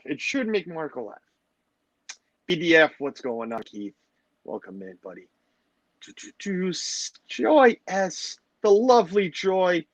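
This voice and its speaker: A middle-aged man hosting a live stream with a fairly high, lively voice that swings up and down as he rambles and jokes. The sound is dry and close. It is also a little dull and lo-fi. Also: no room sound. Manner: rambling, joking, chatty. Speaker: livestream host. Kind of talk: casual chat with a live audience.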